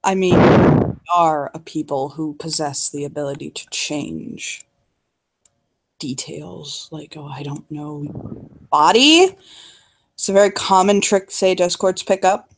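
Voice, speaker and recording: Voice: medium pitch, takes it slowly, background noise. Player voicing a teasing man, playful, affectionate, improvised role-play.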